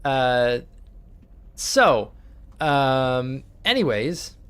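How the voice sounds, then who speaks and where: A man's voice: medium pitch, sing-song, very slow, fairly bright tone, clear, resonant tone. A man chatting casually on his live stream, rambling, swearing freely and laughing often. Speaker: streamer and game master.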